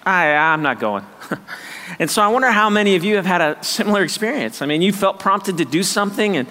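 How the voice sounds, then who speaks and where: A man preaching a sermon, lively and conversational, acting out people's excuses and laughing at himself. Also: high-pitched, quick pace, in a large hall. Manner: animated, acts out voices of doubters, laughs often. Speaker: pastor.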